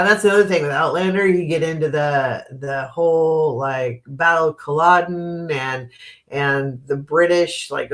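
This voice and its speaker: A woman hosting a casual live stream, chatting, reading out viewer comments, laughing often and giving frank opinions on the news. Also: low voice. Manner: frank and opinionated on current events.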